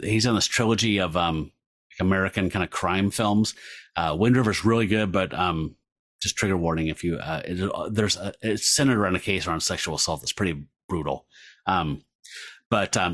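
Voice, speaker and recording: Excitable low-voiced man chatting comics. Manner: excitable, animated, swears casually. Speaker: podcast co-host. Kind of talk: casual chat about comics.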